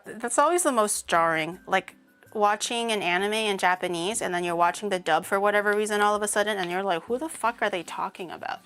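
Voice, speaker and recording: A woman streamer chatting casually while she cooks, rambling and breaking into animated mock-outraged rants. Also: mid-range voice, clean tone. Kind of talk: casual livestream chat while cooking.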